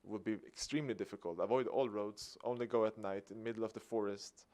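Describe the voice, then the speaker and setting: A man's voice: fairly low pitch, fast talker. Swedish man telling a story. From Sweden. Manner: lively storyteller acting out dialogue with a chuckle. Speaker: activist speaker. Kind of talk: public talk.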